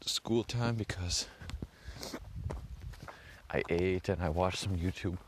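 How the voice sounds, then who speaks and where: A man's voice: deep voice, slow, noisy background. A young man vlogging casually to his phone, rambling, swearing often and filling gaps with "like". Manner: rambling, swears a lot, heavy use of "like".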